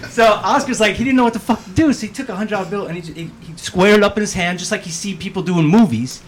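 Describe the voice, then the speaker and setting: Profane, animated storytelling man. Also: sits high, fast, slight background noise. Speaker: guest. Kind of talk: casual storytelling chat.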